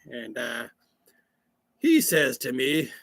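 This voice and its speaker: A rambling country cousin with a drawl, played by a man for a comic monologue. His gravelly voice sits fairly high and bright, and he drags every folksy sentence out slowly. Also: very animated, full character voice. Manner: slow, folksy, rambling storyteller.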